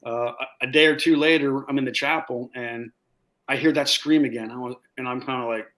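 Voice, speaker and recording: A man guest telling a casual, animated story with laughs, acting out what others said. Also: medium pitch, a little fast. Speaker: guest, former Marine sniper.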